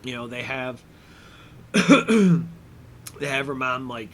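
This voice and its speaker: A man casually recapping a TV episode, rambling with many fillers and slipping into quick quoted voices. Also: medium pitch, lively intonation, slight background noise. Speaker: commentary host.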